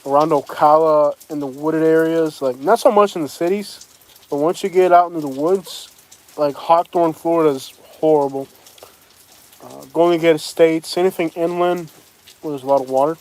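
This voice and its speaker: A man's voice: a little high, moderate pace, darkish tone. A man chatting casually and rambling to livestream viewers from outdoors in the rain. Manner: rambling, talks straight to chat viewers. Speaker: livestream host. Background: rain falling.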